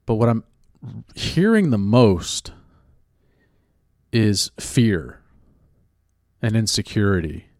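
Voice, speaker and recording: A man hosting a podcast, talking through his thoughts in a reflective, measured way and often rephrasing himself. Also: fairly low pitch, big pitch swings, darkish tone, dry recording, studio quality. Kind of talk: casual spoken commentary.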